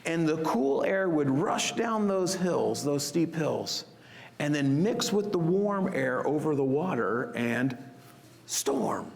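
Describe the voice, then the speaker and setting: A man preaching a sermon as pastor, expressive and acting out the disciples' panicked cries. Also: on the high side, slow, creaky, in a large hall.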